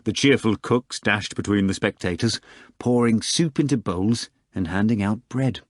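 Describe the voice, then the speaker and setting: A man with a lowish voice reads scripted audiobook narration in a measured, even storytelling style. The recording is dry and cleanly studio-produced.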